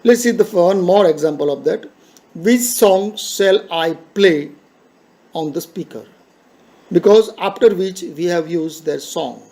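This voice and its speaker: A man's voice: high voice, measured pace, warm tone. A man teaching a grammar lesson, patiently repeating each point in simple phrases.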